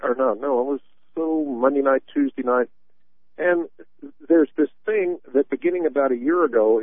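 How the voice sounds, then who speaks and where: A man's voice: mid-range voice, dry recording. A man hosting a political talk radio show, telling stories with a sarcastic, rambling manner. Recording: tinny dry phone-line sound.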